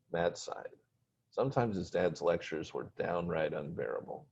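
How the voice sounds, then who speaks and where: A man reading a story aloud in plain, steady narration. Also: low voice, normal speed, vocal fry, husky. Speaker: story reader. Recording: dull lo-fi recording.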